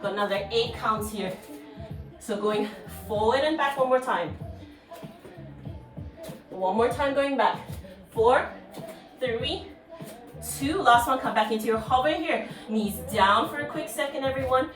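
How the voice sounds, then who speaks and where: A woman's voice: fairly high pitch, unhurried, long pauses. Encouraging woman coaching a workout. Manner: encouraging, cueing counts and breaths. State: slightly out of breath. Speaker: Pilates instructor. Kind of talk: guided home workout instruction. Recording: roomy, distant mic with music behind. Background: background music.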